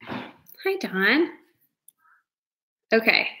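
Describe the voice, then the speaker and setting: A woman's voice: a little high, sing-song, very slow, pushed and bright. A middle-aged woman hosting a casual live broadcast from her dining room, chatty and emotional, laughing often. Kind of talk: casual live-stream chat.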